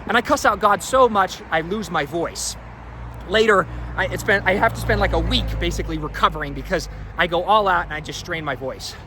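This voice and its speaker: A young man with a high, light voice tells a personal story into his own recording device, candid and animated, often restarting and leaning on "like." The take was recorded outdoors, and passing traffic is clearly audible behind him. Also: fairly quick. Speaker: returned missionary telling a personal story. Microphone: self-recording on a phone or camera.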